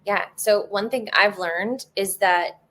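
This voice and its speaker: A woman guest in a casual interview, talking in an earnest, emotional way and telling personal stories in a fast flow with many fillers. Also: medium pitch, fairly bright tone.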